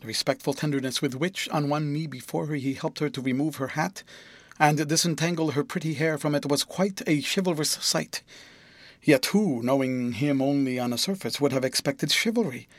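A man narrating an audiobook in a measured, expressive storytelling manner. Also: a little high, dry recording.

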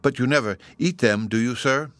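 A man's voice: mid-range voice, normal speed, a bit bright, no room sound, natural voice. A man voicing a meek, trusting little lamb in a storybook tale. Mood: timid. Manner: timid, polite.

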